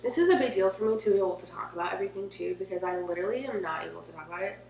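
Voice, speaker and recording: A woman's voice: mid-range voice, rapid-fire, creaky, a little mellow. A young woman telling a personal story in a casual, emotional, chatty way, filling her talk with "like". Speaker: vlogger. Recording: echoey room with faint hum.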